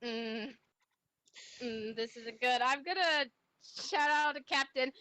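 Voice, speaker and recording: A woman's voice: high voice, slow pace, bright, forceful tone, poor audio. A woman playing a tabletop game, flustered and thinking aloud. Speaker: player. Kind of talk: casual tabletop play.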